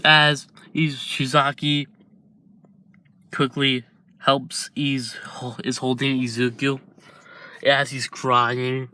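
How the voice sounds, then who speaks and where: A man narrates an improvised fan story in a slow, halting way, often stopping to restart his sentences. His voice has a bright, tense edge. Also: mid-range voice, flat delivery, slight background noise.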